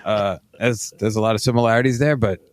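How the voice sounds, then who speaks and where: A male podcast co-host talks casually over a video call, teasing his partner and laughing along. His voice is on the low side for a man. The sound is dry and close. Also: steady tone, fast talker, no room sound. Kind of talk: casual chat.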